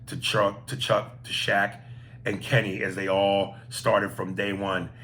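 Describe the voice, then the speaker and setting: A man's voice: fairly low pitch, little pitch movement, unhurried, a bit bright, slight background noise. A man hosting a podcast, reading listener emails aloud with profane, joking commentary. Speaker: podcast host.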